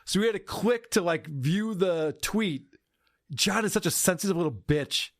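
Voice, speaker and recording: A man's voice: high voice, expressive, moderate pace, no room sound. Sarcastic podcast host man, dry mic. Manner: sarcastic, laughing, crude. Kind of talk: mocking podcast commentary.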